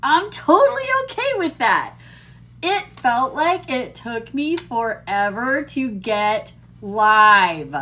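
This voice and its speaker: A woman's voice: fairly high pitch, sing-song, slow, bright, forceful tone. A woman in her fifties hosting a casual livestream, bubbly and giddy, laughing often and poking fun at herself as she chats to viewers. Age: 50s. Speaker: TikTok livestream host.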